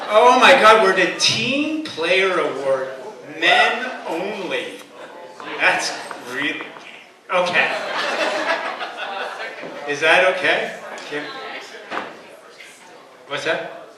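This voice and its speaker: A man's voice: high voice, sing-song, extremely slow, long pauses, background noise. A man of fifty, emceeing a club banquet with a rambling, crude, jokey comic speech. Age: 50s. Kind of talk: comic after-dinner speech. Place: large banquet hall. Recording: echoey hall, distant mic, loud crowd.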